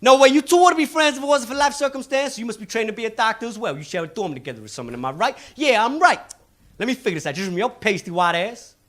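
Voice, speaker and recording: Comedian putting on a brash street hustler, loud, cocky, shouting, high and lively. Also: male voice, racing.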